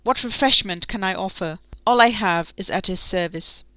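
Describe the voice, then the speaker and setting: A woman's voice: mid-range voice, normal speed, pushed and bright, dry recording, lightly acted. A woman voicing an eager, obsequious middle-aged male innkeeper in a storybook reading.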